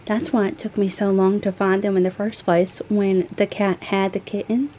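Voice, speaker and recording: A woman, chatting casually at home and cooing to her cats in a high sing-song voice. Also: little pitch movement, moderate pace, mellow, a little hiss or hum, poor audio. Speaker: vlogger. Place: home room with pets.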